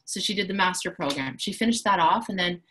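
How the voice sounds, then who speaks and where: A woman's voice: lowish voice, a little fast, fairly bright tone, a little hiss or hum, rough recording. A woman who runs a coaching school, explaining her programs in an enthusiastic, self-assured, chatty way. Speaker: empowerment coach and school founder. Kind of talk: promotional explainer talk.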